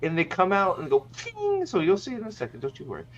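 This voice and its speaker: A man hosting a casual reaction chat, talking in a profane, sarcastic and excitable way. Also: sits high, fast, muffled recording. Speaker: show host.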